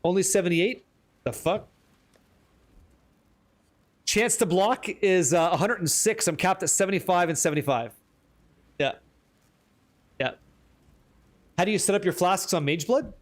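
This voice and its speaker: A man streaming a game live, chatting with viewers in an excitable, casual way and swearing freely. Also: sits high, a little slow, long pauses. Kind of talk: live gameplay commentary.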